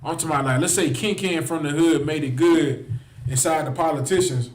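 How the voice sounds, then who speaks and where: A man's voice: a little high, brisk, reverberant. A man preaching with heated passion, repeating his phrases and speaking straight to his listeners. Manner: impassioned, repeats phrases, addresses listeners directly. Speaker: street preacher.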